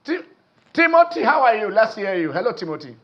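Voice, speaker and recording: A Nigerian man hosting a sports phone-in show, excitable and repetitive, often trailing off mid-sentence. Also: sits high, a little fast, highs cut off. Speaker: sports talk show host. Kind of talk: animated phone-in sports talk.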